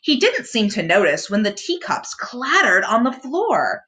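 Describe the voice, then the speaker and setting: A woman librarian reading a picture book aloud to children, with expressive storytelling. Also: a little high, a little slow.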